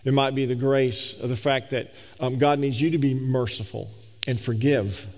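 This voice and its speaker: A man preaching a sermon, swinging between emphatic raised peaks and slow, low scripture reading. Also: fairly even intonation. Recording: long reverb of a large hall.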